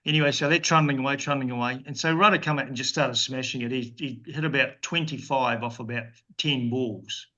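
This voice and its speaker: A man's voice: medium pitch, fairly even intonation, brisk, few pauses, bright, forceful tone. A New man in his sixties telling rambling, dryly funny anecdotes as an interview guest, with frequent restarts. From New Zealand. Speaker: guest, former cricketer. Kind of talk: casual storytelling interview. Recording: dull lo-fi podcast recording.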